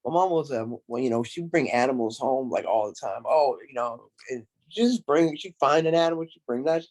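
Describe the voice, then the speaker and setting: A man's voice: medium pitch, expressive, normal speed, a little mellow. A man as a podcast guest in casual chat, speaking from the heart and rambling with many fillers.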